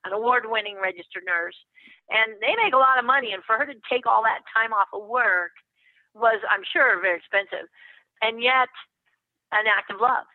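An older woman guest on a podcast, telling earnest stories with warm laughs. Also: a little high, moderate pace, no room sound. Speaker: guest therapist. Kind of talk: casual podcast interview. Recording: tinny phone line.

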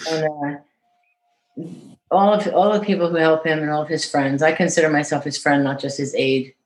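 A woman caregiver reading a letter aloud in an earnest, measured way, then answering interview questions. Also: low voice, steady tone. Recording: echoey room.

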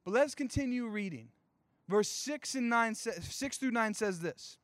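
Young male youth pastor, high voice, dry close sound, lively joking sermon. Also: measured pace, no echo. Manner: animated storytelling with playful asides and slang.

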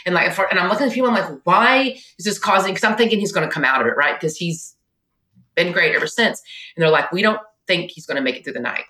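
A woman in her forties telling a painful family story on a podcast, animated and at times tearful. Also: lowish voice, quick pace. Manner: animated, tearful retelling, quotes others in her own voice. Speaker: podcast guest. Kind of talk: emotional personal storytelling. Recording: echoey room.

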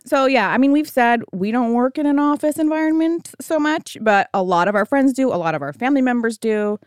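A woman's voice: a little fast, clear, resonant tone, dry recording, studio quality. A young woman co-hosting a casual podcast, telling stories expressively and laughing often. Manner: expressive storytelling with big pitch swings, giggly. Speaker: podcast co-host. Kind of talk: casual chat.

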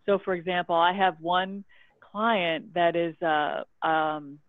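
A guest who works as a public relations consultant, talking in a measured way and explaining with examples. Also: female voice, fairly low pitch, fairly even intonation, no room sound. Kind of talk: casual conversation. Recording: dry tinny phone-like line.

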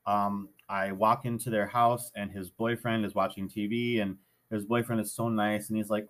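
A man's voice: on the low side, moderate pace. A man hosting a podcast alone, talking in an earnest, rambling way, often correcting himself, with the hiccups. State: has the hiccups. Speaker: podcast host. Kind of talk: casual solo podcast monologue.

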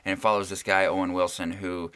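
Male host, deep voice, chatty and wry, dry close-miked sound. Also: flat delivery, fast talker, fairly bright tone, clean tone, dry recording. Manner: wry, chatty, rambling storyteller. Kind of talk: casual chat.

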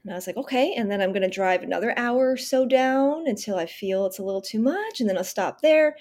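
A woman's voice: medium pitch, animated, brisk, darkish tone. A woman of about thirty, a podcast guest telling a personal story earnestly and with emphasis, often restarting and acting out her inner dialogue. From Northern California. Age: 30s.

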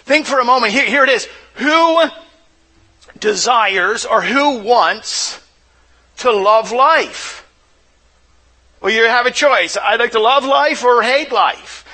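A man's voice: extremely high pitch, slow pace, sharp tone, poor audio. A pastor preaching a sermon in church, asking the congregation questions and often repeating words as he restarts. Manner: asks rhetorical questions to the audience.

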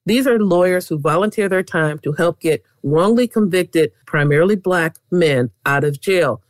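A middle-aged woman talking as a guest about quilting, animated and keen on saying "literally.". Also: lowish voice, normal speed, no echo. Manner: animated, leans on "literally" often. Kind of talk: casual interview chat.

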